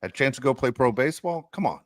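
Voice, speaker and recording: A man's voice: mid-range voice, lively intonation, quick pace, dry recording, studio quality. An older man co-hosting a podcast, telling rambling, self-mocking jokes in casual chat. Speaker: podcast co-host.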